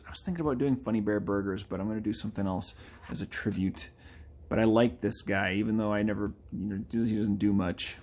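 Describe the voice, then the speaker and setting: Casual male artist streaming his drawing, chatty and lively, sometimes slips into character voices. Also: fairly low pitch, fast. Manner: chatty, animated, playfully does game character voices. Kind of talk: casual chat while drawing.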